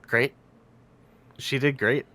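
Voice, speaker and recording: A man's voice: medium pitch, fairly even intonation, takes it slowly, bright, forceful tone. A young man co-hosting a podcast, talking in an easygoing, joking way with thoughtful asides. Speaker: podcast co-host. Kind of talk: casual chat.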